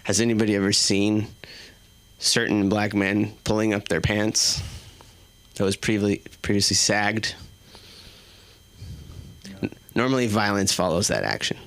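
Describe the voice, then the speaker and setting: A man's voice: fairly low pitch, unhurried, pauses often, fairly bright tone. A man doing a stand-up set in a small comedy club, self-deprecating and chatting with the crowd.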